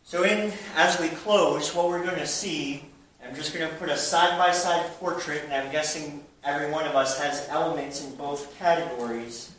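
A man preaching a sermon to a church audience, shifting between a hushed voice and loud bursts. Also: a little high, moderate pace. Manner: animated preaching, drops to a hush then bursts loud. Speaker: pastor. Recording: very echoey hall, mic at a distance.

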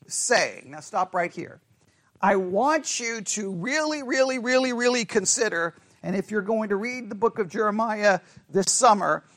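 Male Bible study leader, strikingly high voice, quizzes the class and drums points home by repetition. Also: a bit bright. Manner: asks the group questions, repeats phrases for emphasis. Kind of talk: interactive Bible study lesson.

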